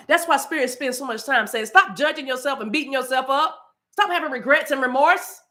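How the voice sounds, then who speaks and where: A woman's voice: high-pitched, brisk, bright, forceful tone. A woman from the eastern United States, preaching spontaneously to a live chat, fervent and repetitive, breaking into speaking in tongues. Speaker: spiritual livestream host.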